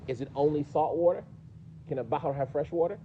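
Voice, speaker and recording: A man's voice: fairly high pitch, brisk, dull audio, a little hiss or hum. A man with a New York accent teaching a mosque class, questioning his students in a conversational way. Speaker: teacher explaining hadith.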